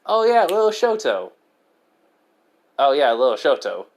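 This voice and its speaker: A man voicing a cheeky, sarcastic eighteen-year-old boy turned ice spirit, in a loud voice pitched above his own. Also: very animated, moderate pace, natural voice. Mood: cocky teasing. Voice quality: loud, higher than his narrating voice. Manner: brash, mocking.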